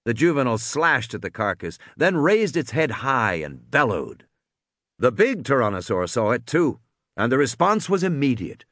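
Expressive male audiobook narrator. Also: medium pitch, moderate pace, dry recording, clean studio sound. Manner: expressive storytelling with voiced characters. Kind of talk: audiobook reading.

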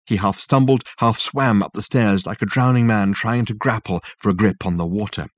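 A man narrating an audiobook in a measured, wry storytelling manner. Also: on the low side, no echo, studio quality. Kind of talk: scripted narration.

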